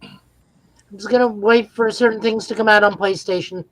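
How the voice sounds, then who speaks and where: A woman's voice: mid-range voice, fairly even intonation, normal speed, rough recording. A woman co-hosting a casual gaming podcast, blunt and wry as she shares what she knows. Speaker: podcast co-host.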